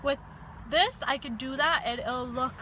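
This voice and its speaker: A woman's voice: high-pitched, normal speed, pushed and bright, a little hiss or hum, rough recording. A young woman in her twenties chatting casually to the camera as a vlogger, giggly and chatty while she is out and about. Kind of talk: casual vlog chat. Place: in a car and outdoors in a park. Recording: music playing behind.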